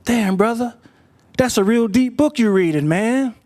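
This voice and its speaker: A man's voice: very high voice, measured pace, a little mellow, pitched above the performer's own voice. A man voicing a friendly, playful train conductor who talks in easygoing slang. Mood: hearty.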